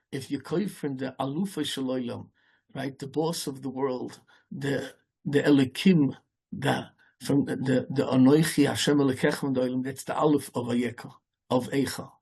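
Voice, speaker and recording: A man, a rabbi, giving a sermon in a rambling, halting way, with many restarts and Hebrew and Yiddish words mixed in. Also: medium pitch, gravelly, a little mellow, breathy edge.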